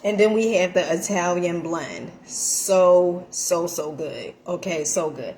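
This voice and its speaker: A woman chatting through a casual home cooking vlog, animated and full of fillers, calling her viewers honey. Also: lowish voice, takes it slowly, hardly any pauses, slight background noise. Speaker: vlogger. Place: home kitchen.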